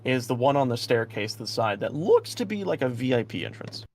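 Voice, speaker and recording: A man's voice: medium pitch, big pitch swings, fairly quick, a little hiss or hum. A man narrating as game master of a tabletop game, describing scenes loosely with many fillers.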